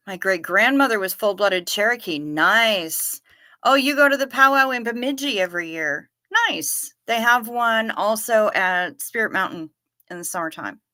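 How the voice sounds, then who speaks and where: A woman with a bright, forceful voice chats her way through a casual livestream, reading viewer comments aloud and answering them. The sound is close and dry, with no room echo behind her. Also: medium pitch, expressive, unhurried. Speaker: livestream host.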